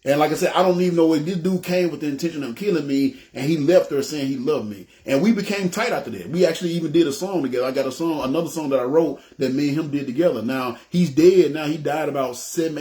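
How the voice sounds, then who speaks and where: A man with a Southern US accent telling his personal testimony, acting out the dialogue and often checking in with his listeners. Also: medium pitch. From Memphis, US South. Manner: animated, acts out dialogue, keeps saying "you know what I'm saying". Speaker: ministry leader giving testimony.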